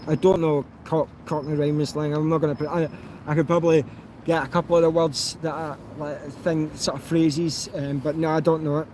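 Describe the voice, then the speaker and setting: A man's voice: fairly high pitch, flat delivery, fairly quick, a little mellow, slight background noise. Chatty Scottish man streaming live outdoors. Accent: Scottish, softened. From Scotland. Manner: chatty, rambling, with many fillers and restarts. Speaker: YouTube auditor answering live chat. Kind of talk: casual live-stream chat.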